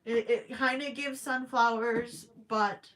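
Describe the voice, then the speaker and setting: A young woman hosts a casual crochet livestream and reads viewer comments aloud as she works. She has a bright, clear voice and a slow, unhurried pace, and she rambles a little with plenty of fillers. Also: on the high side, steady tone.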